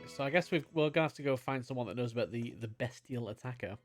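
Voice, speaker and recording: Over soft background music, a young adult streamer talks fast in a medium-pitched voice, giving casual live-stream commentary during a game. The tone is playful, with a mock-melodramatic touch.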